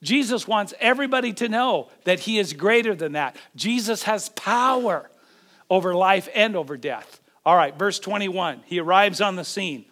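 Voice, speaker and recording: A man preaching a sermon as pastor, dramatic, acting out the voices in the scripture with big swings in pitch and loudness. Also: lively intonation, moderate pace.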